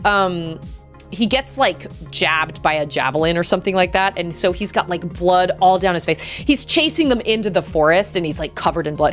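A young adult woman with a fairly bright voice on the low side streams a video game. She chats casually while playing, reacting with gasps, laughs and squeals.

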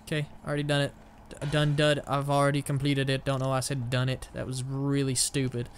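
A man's voice: mid-range voice, completely flat delivery, a little fast, a little hiss or hum. A young man casually commenting as he plays a video game, rambling, joking at his own expense and blurting out his frustration. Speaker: gamer playing through a shooter. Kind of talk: casual let's-play commentary. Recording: game music playing behind.

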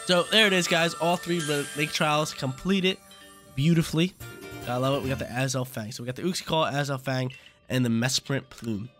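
A man's voice: medium pitch, normal speed, fairly bright tone, soft background music. A young man casually commentating his gameplay as a channel host, laid-back and slangy, often repeating himself.

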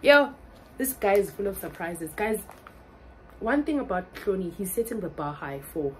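Young South African woman vlogger, unhurried but excitable, slight room hiss. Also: mid-range voice, low-quality recording. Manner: excitable, laughs often, mixes English and Zulu. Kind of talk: casual vlog chat.

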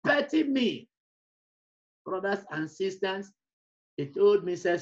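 Man, evangelist, emotional testimony, repetitive, drawn-out delivery, muffled recording. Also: sits high. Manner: emotional, repetitive, breaks into song. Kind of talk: preaching testimony.

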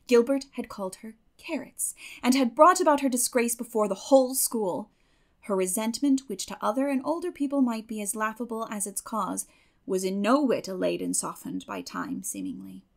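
Gravelly-voiced woman reading a novel. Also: fairly high pitch. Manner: measured, expressive storytelling. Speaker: audiobook narrator. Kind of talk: scripted narration.

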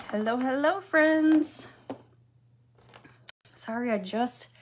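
Lady with a kinda high voice doing a live craft painting stream at home, chatty, says hi to viewers by name, clears her throat now n then. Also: slight background noise. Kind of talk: live painting tutorial chat.

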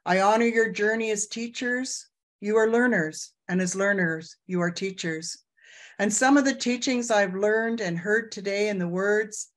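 Slow, gentle woman in her sixties. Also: mid-range voice. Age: 60s. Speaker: elder giving closing words. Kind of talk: spoken closing reflection with guided breathing. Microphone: video call.

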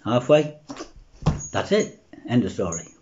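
A man's voice: mid-range voice, sing-song, a little slow, a little mellow, muffled recording. A man voicing an anxious little male hedgehog who keeps pleading for help. He voices it during a church joke story. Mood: puzzled. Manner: fretful, pleading.

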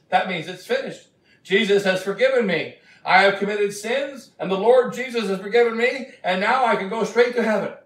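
A man preaching a sermon as a bishop, retelling scripture in a slow, emphatic storytelling way. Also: sits high, fairly bright tone. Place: church. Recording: echoey church from a distant mic.

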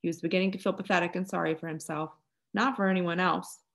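A woman reads a children's novel aloud in an even storytelling manner. Her voice is low with a noticeable gravelly fry. The narration stays calm and clear. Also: fast. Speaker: volunteer audiobook reader.

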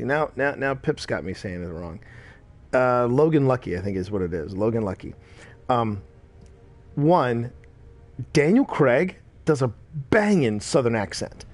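A middle-aged man, tired, talks casually as he streams a game. His voice sits at an ordinary middle pitch. He rambles, repeats his words and reacts aloud to what happens in the match. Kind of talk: casual gameplay chat.

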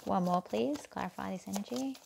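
A woman's voice: mid-range voice, brisk, creaky, a little hiss or hum. A woman giving a casual tarot reading, chatty and thinking aloud with fillers and restarts. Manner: asks the cards softly, near-whispered. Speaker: tarot reader.

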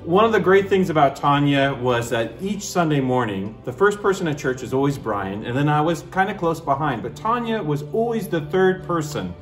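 A man with a slightly high voice tells a fond remembrance of a church member, animated and quick to laugh. Soft music plays behind him. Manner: warm, animated storytelling with laughter. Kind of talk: spoken remembrance.

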